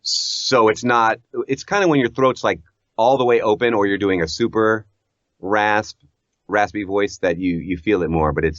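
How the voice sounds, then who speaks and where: A voice actor chats casually as an interview guest, animated and self-deprecating, laughing often in his deep voice. The audio is dull lo-fi with no echo.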